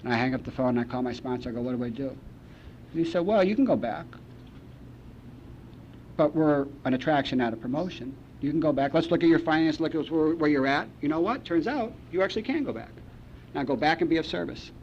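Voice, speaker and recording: Male speaker at a recovery meeting, slightly high voice, deadpan wry delivery; muffled tape with faint hiss. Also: fairly quick. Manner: wry storytelling with deadpan asides.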